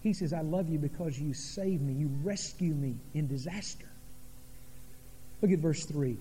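High-voiced preacher in an echoing church. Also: male voice, dark tone, slightly rough. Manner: dramatic preaching, pauses and sudden drops in volume. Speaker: pastor. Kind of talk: sermon. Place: church sanctuary.

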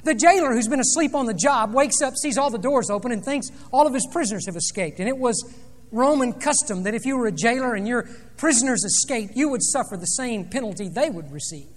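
A man preaching a sermon, retelling a scripture story dramatically, rising loud and dropping soft. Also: extremely high pitch, lively intonation, brisk. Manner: dramatic storytelling with sweeping swings in loudness. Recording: long reverb of a large hall.

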